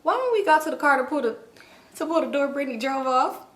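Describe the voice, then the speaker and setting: A woman in her thirties tells a story to her viewers in loose, profane chat, jumping higher whenever she gets worked up. Her voice sits a little high. The room around her has a noticeable echo. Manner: profane, animated retelling with quick jumps up in pitch. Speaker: storytime vlogger. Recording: echoey room.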